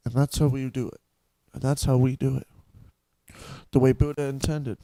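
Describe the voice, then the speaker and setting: A man co-hosting a comedy show, preaching and threatening in deadpan mock seriousness. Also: mid-range voice, normal speed, gravelly, long pauses, no echo.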